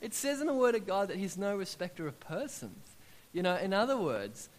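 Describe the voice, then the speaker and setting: A man in his thirties delivers a sermon with lively, story-driven energy, acting out his own prayers along the way. He speaks fairly quickly, in a voice a little higher than most men's.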